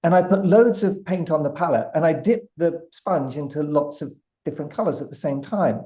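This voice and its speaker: A British man with a mellow, warm tone tells a lively anecdote as a podcast guest. He builds the story step by step, often restarting his phrases as he goes. His voice keeps a relaxed, unhurried warmth. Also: on the high side. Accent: British English. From Britain. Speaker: guest artist. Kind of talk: animated storytelling.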